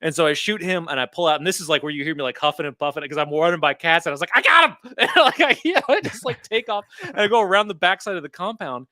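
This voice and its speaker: Animated, swearing man telling stories. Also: on the high side, very fast, hardly any pauses, no echo. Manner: animated, profane storytelling. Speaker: podcast co-host. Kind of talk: casual chat.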